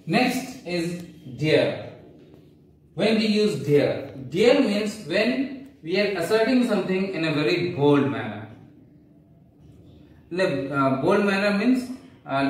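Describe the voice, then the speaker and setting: A man with an Indian English accent teaching a grammar lesson, explaining slowly step by step with fillers and self-corrections. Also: high voice. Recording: very echoey room, distant from the mic.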